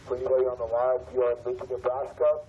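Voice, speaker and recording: A man's voice: medium pitch, level tone, rapid-fire, warm tone. Rambling man organizing a crowd, noisy background. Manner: rambling, filler-heavy. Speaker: protest organizer. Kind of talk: addressing a crowd.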